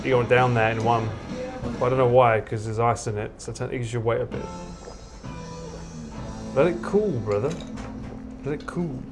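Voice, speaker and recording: A man's voice: medium pitch, moderate pace, long pauses. A man hosting a casual chat over drinks in a bar, teasing and joking. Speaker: host. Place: bar or pub. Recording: music playing in background.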